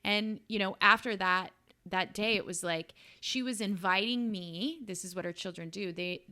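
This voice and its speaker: A woman's voice: medium pitch, normal speed, bright, forceful tone. A woman co-hosting a podcast, telling a personal story in a casual, earnest and emotional way. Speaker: podcast co-host. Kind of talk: casual chat.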